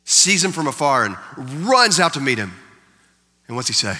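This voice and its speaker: Emphatic pastor preaching in a reverberant hall. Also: male voice, mid-range voice, sing-song, fast talker, sharp tone. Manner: emphatic, repeats lines for effect. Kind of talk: sermon.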